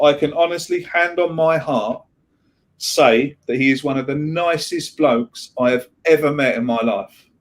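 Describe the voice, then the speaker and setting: A man co-hosting a casual podcast chat, rambling, repeating himself and swearing freely. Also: mid-range voice. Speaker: podcast co-host.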